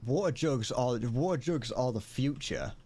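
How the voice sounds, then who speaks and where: Young British male streamer, playful rambler, lively bouncing pitch, middle-range voice. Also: measured pace, breathy edge. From Britain. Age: 20s. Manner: rambling, joking, chatty asides. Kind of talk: casual gaming commentary. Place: home room.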